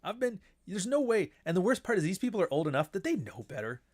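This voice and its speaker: Man, host, casual monologue, blunt, profane, mocking impressions, slightly high voice. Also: big pitch swings, fast. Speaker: show host.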